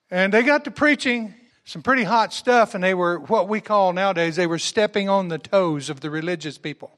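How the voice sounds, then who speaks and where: A man's voice: sits high, a bit bright. A man preaching a sermon with folksy storytelling, calling on the congregation to respond.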